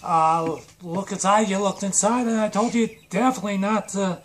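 A man's voice: a little high, expressive, unhurried, slight background noise. A man voicing an anxious young male friend who keeps pleading and scolding in exasperation. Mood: exasperated.

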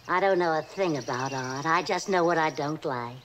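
An actress playing a blunt, sharp-tongued older mother-in-law with a tart, scornful way of talking, in a 1960s film comedy. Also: deep voice, normal speed, poor audio. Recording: old film soundtrack with hiss.

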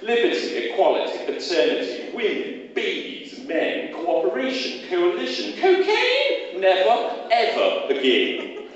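A man performing satirical poetry live, firing off a mocking list in a quick rhythmic patter. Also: high voice, wildly swooping pitch. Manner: rapid-fire rhythmic list delivery, mocking. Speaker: performance poet. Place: large echoey hall at a public meeting. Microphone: distant from the recording mic. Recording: echoey hall, far off, dull audio.

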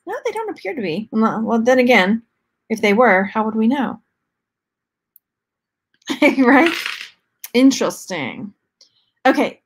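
A woman's voice: on the high side, big pitch swings, measured pace, long pauses, husky. A chatty woman from Texas hosting a casual live jewelry unboxing, rambling and reading the chat as she goes. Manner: chatty, rambling, talks to her cat and to chat. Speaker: jewelry reseller and channel host.

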